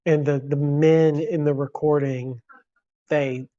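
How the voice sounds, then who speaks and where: A man's voice: fairly high pitch, flat delivery, slow, warm tone, lo-fi sound. A man from the United States chatting casually on a live stream, rambling and reacting to viewer comments.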